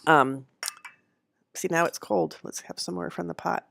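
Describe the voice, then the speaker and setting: A woman's voice: on the low side, steady tone, measured pace, vocal fry, fairly bright tone, a little hiss or hum. A woman who knits by hand, casually telling a personal story in a rambling way, with fillers, self-corrections and frequent laughter. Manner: amused, laughs often. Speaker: handknitter.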